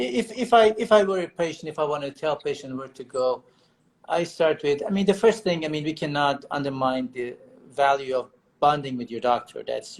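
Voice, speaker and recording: A man's voice: mid-range voice, low-quality recording. A man, a surgeon guest on a live video chat, talking earnestly and repeating words as he sorts out his thoughts. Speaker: hair transplant surgeon, guest. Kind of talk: casual live-stream chat. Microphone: video call.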